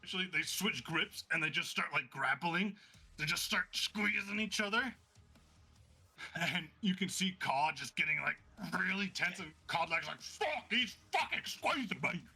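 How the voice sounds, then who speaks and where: A man runs a tabletop game, narrating a brawl blow by blow with eager energy. His voice is slightly high, sharp and bright, with a husky grain. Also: moderate pace. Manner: excitable, laughing, vivid play-by-play. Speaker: game master.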